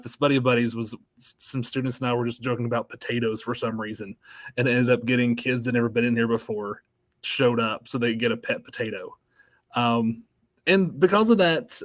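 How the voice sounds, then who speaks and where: A man's voice: mid-range voice, no room sound. Easygoing man with a Tennessee drawl. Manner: easygoing and self-mocking, with fillers. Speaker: school librarian. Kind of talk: webinar presentation.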